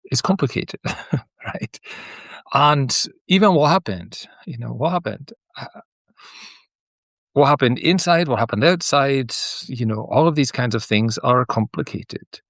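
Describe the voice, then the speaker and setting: In a dry recording, a Scottish teacher in middle age muses on his own life, speaking at medium pitch with an expressive, unhurried, slightly bright tone. His reflective monologue wanders, full of restarts and side comments.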